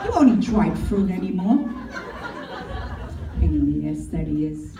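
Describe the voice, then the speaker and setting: A woman's voice: fairly low pitch, big pitch swings, measured pace, vocal fry, crowd noise. A middle-aged woman doing a brash, crude stand-up comedy set. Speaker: stand-up comic. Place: comedy club. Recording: echoey club from a distance. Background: audience laughing.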